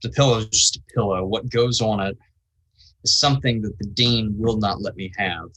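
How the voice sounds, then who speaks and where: A reclusive collector who guards his family heirlooms, played by a man in a tabletop game. His voice sits low and moves in a halting, hesitant way, full of fillers. It is close, ordinary speech rather than a showy character voice. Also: a bit bright, poor audio. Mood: guarded. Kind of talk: tabletop role-play over a voice call.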